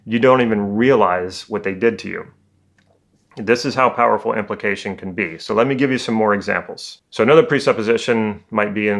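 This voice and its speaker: A man working as a communication coach, giving a calm, conversational educational talk. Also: fairly low pitch, creaky.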